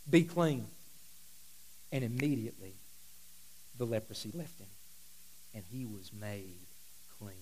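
A man preaching as a pastor, moving between quiet, intimate asides and loud, emphatic declarations. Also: sits high, poor audio. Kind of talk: sermon.

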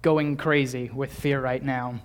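A man's voice: medium pitch, level tone, a little slow, clean tone. A young man in his twenties preaching a sermon in a conversational way, with small laughs and restarts. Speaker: pastor.

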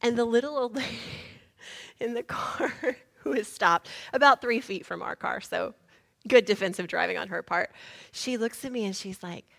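A woman preacher, telling a lively story in a sermon and shouting the lines she retells. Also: a little high, normal speed, gravelly.

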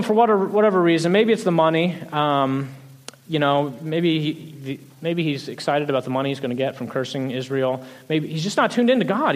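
A man preaching a sermon, retelling a Bible story in a lively, conversational way, often restarting phrases and letting sentences trail off softly. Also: a little high. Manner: animated storytelling, frequent restarts, soft trailing endings. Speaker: pastor.

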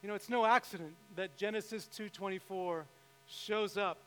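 A middle-aged pastor preaches a sermon in a church sanctuary, his voice sitting high at a moderate pace as he tells a story with emphatic rises. The hall is reverberant, with a faint mains hum underneath.

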